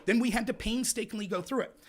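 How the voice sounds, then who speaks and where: A male host in a heated call-in debate, talking loudly and passionately, firing repeated questions. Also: high-pitched, quick pace. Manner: loud, passionate, repetitive hectoring questions.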